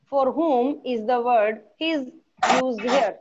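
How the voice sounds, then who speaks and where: An Indian woman with a high voice runs a lesson, asking each question twice and explaining it step by step. She mixes in a few Hindi words. The sound is muffled and lo-fi. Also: slow, a little mellow. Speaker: teacher. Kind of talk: online class lesson.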